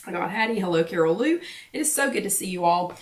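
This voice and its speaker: A hoarse woman hosts a casual live-stream chat, greeting viewers one by one. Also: mid-range voice, lively intonation, quick pace, recorded from a distance. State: hoarse, losing her voice. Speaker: host of a live weight-loss workshop chat. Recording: roomy echo, voice away from the mic.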